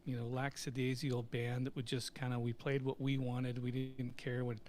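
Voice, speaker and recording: There's slight background noise as a middle-aged CEO and musician, with a mid-range voice at normal speed, tells stories in a live Q&A. The storytelling is casual and animated, with frequent laughs and acted-out voices for quoted people.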